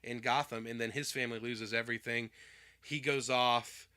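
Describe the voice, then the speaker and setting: A man's voice: medium pitch, steady tone, moderate pace, bright, forceful tone. A man co-hosting a casual podcast chat, rambling with many fillers and restarts and laughing often. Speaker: podcast co-host.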